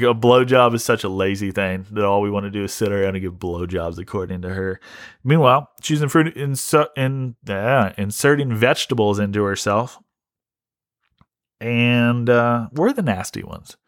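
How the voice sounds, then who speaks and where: A man's voice: fairly low pitch, normal speed, dry recording, clean studio sound. A man hosting a comedy podcast, ranting in a rambling, profane way with many restarts. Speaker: podcast host. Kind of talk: casual comedic rant.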